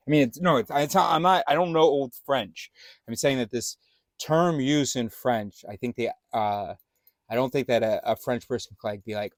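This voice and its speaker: A man's voice: mid-range voice, normal speed, dry recording. A man vlogging in a casual, meandering monologue, thinking aloud with many fillers and restarts and swearing now and then.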